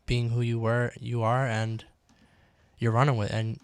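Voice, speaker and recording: This is a male radio host chatting with a guest in the studio, with a smooth, clear voice. He keeps his pitch quite flat and even, and talks in a relaxed, affirming way, with plenty of fillers and restarts. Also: measured pace, no echo. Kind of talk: casual conversational interview.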